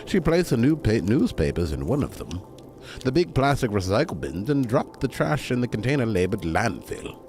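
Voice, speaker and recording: A man's voice: on the low side, very animated, normal speed, a little mellow, a little hiss or hum. A man reading a bedtime story aloud to a stream, breaking off for chatty, digressing asides.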